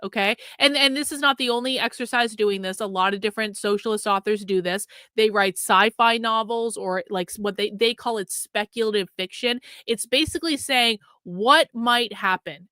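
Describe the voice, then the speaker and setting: Bright, crisp woman ranting at her chat. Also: fairly high pitch, moderate pace, hardly any pauses, no room sound. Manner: profane, ranting, lecturing the chat. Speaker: political streamer host. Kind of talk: livestream commentary.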